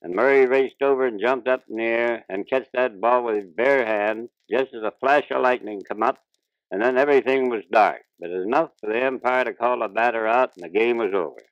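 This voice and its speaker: Speaking briskly in a mid-range voice, this older former ballplayer recounts stories in plain, folksy, ungrammatical fashion on 1940s radio. There's no echo, and the transcription sounds dull and dry.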